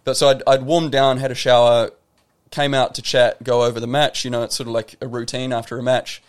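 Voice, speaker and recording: A man's voice: mid-range voice, little pitch movement, a little fast. Reflective New Zealand man telling stories. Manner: reflective storytelling, lots of "like" and restarts. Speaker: guest, professional tennis player. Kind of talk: casual podcast interview.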